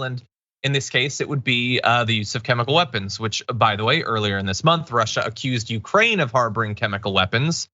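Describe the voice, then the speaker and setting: Bright, sardonic male political commentator. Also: mid-range voice, moderate pace, dry recording, lo-fi sound. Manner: sardonic, animated, mocking asides.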